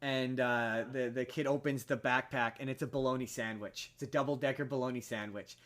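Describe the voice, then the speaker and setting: A man on a podcast, casually retelling a film plot in a rambling way with many restarts, jumping into high voices for quoted characters. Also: steady tone, fairly quick, a bit bright. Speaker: podcast host.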